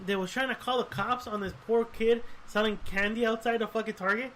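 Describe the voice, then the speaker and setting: A man co-hosting a casual podcast, telling animated, profane stories. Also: high voice, a little fast, slight background noise. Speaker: podcast co-host. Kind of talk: casual chat.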